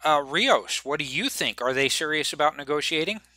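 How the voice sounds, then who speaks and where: Bright-voiced man running a tabletop game. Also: a little high, animated, no room sound. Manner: halting, many fillers and restarts. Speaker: game master.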